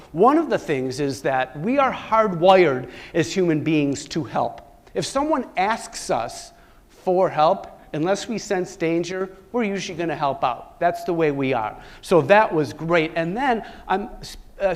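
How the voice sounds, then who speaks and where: A middle-aged man giving a keynote talk to a live audience, telling a personal story in an animated way, with sudden loud bursts and soft asides. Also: a little high. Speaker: keynote speaker.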